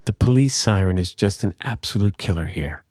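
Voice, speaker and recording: A man calmly and methodically walking through an audio repair tutorial in voice-over. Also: fairly low pitch, fairly quick. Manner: calm, methodical explaining. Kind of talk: screen-recorded software tutorial.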